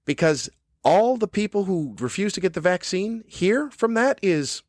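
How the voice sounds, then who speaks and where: A man with a high, sing-song voice speaks a little slowly as he rants on his own podcast, an irritable comedian swearing often and venting his anger. The setting is a cruise ship room, and the sound is clean studio quality without echo.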